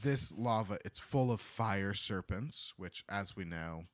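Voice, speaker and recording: A man co-hosting a podcast, retelling a book chapter in casual, lively chat. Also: on the low side, unhurried, no room sound. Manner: lively storytelling, laughs often. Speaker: podcast co-host.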